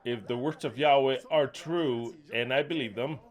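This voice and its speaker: Fiery profane preacher. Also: male voice, medium pitch, normal speed. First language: Spanish. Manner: fiery and profane, cursing loudly. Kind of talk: impassioned sermon.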